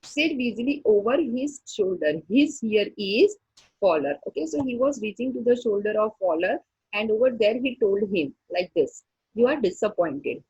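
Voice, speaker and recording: A woman, teaching a story and explaining each line slowly, repeating points and checking with "okay". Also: a little high, lively intonation, dark tone, breathy edge, no room sound, dull audio. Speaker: English teacher. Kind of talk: classroom lesson explaining a story.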